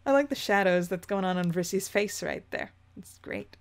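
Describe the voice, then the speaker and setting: A woman reading a webcomic aloud, breaking into giggly, excitable asides. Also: mid-range voice, normal speed. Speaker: webcomic reader. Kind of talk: casual read-along commentary.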